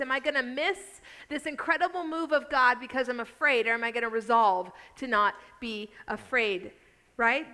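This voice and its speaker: A woman co-hosting a faith-based talk, speaking earnestly and quickly with many fillers. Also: a little high, bright, forceful tone. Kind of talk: faith-based podcast chat.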